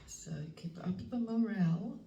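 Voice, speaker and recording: A woman, giving a spiritual tarot reading in a slow, emotional, halting way that sometimes drops to a whisper. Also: medium pitch, highs cut off. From Western Australia. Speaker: tarot reader. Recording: roomy, distant mic, faint background noise.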